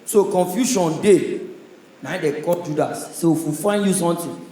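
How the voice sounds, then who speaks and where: A man with a Nigerian accent doing a stand-up comedy set on a stage, telling stories in a loud, punchy way. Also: fairly high pitch, normal speed, reverberant, rough recording. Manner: loud, punchy storytelling in pidgin.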